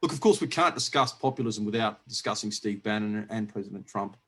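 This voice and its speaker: A man hosting a casual podcast chat, rambling with lots of restarts and quick laughs. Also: lowish voice, lively intonation, a bit bright. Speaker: podcast host. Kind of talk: casual conversational interview.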